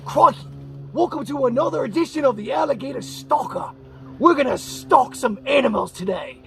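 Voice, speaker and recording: Man doing an excitable Aussie wildlife host, very high, gravelly, bouncy pitch, music underneath. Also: normal speed, exaggerated voice. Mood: gung-ho. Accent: Australian. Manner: exclamatory, shrieks in panic. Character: excitable clumsy male wildlife-show host. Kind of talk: comedy sketch.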